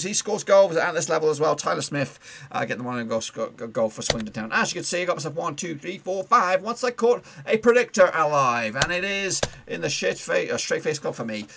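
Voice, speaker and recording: Bright-voiced playful football predictions man. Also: on the high side, vocal fry. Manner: chatty and playful, quick asides and filler. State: losing his voice. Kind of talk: casual football results recap.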